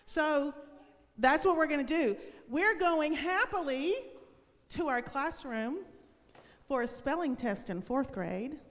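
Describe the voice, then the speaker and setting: A woman's voice: high-pitched, in a large hall. A woman teacher giving a cheerful, encouraging devotional lesson and prayer to schoolchildren. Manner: upbeat, encouraging, talks to children.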